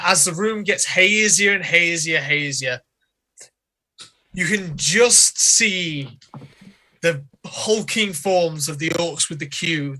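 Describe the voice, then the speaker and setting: A man narrating a tabletop game as game master, telling the scene slowly and deliberately and laughing often. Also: on the high side, pushed and bright.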